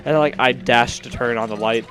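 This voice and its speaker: A man's voice: mid-range voice, normal speed, a bit bright. A young man, out of breath, rambling chattily as he commentates a video game playthrough. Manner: rambling, self-correcting, chatty. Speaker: let's play host. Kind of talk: casual gameplay commentary.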